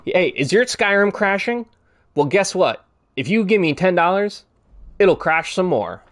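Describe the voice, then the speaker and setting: A pushy, mocking pitchman played by a man sells a paid add-on in a lifted, sarcastic sing-song. His voice rides higher than the man's usual talk. The pitch comes out bright and needling. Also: big pitch swings, unhurried.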